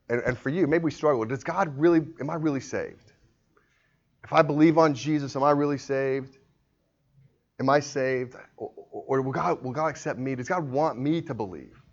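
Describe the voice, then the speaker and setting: A man preaching a sermon in an earnest, emphatic way, swinging between quiet reasoning and forceful pleas. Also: medium pitch. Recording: dull lo-fi sound.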